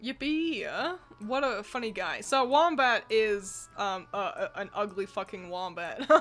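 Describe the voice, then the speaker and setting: With a medium-pitched, expressive and fairly bright voice, a woman takes her time while co-hosting a casual tier-list session on anime mascots. She giggles frequently, rambles with fillers and false starts, and swears once in a while.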